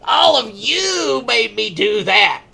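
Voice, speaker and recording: Guy putting on a slow, eerie murderess voice, pitched up, blaming everyone. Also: very animated, creaky, bright, forceful tone, exaggerated voice. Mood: accusing. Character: deranged woman suspect, eerily calm and accusing.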